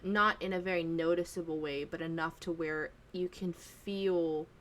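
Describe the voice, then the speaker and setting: A woman's voice: on the low side, fairly even intonation, normal speed, fairly bright tone. A woman narrating a tabletop game as game master in a casual, rambling way full of fillers.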